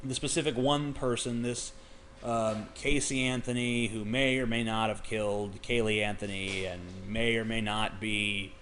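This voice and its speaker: A man's voice: on the low side, steady tone, measured pace, a bit bright, a little hiss or hum. A man ranting in a casual vlog. He argues in a heated, profane way and often stammers and restarts. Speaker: vlogger.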